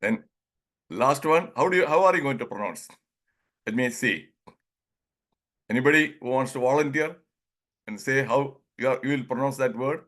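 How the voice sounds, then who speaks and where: A man's voice: medium pitch, animated, a bit bright. A man from India with an Indian English accent, giving an informal online talk on pronunciation, chuckling often and acting out little dialogues. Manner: chuckles often, acts out dialogues, drawls words slowly. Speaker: presenter leading an online group session.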